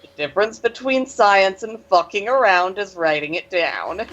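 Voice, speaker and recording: A tabletop game player chatting casually, with quick, dry quips. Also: medium pitch, lively intonation, fairly bright tone, muffled recording, slight background noise. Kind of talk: casual chat.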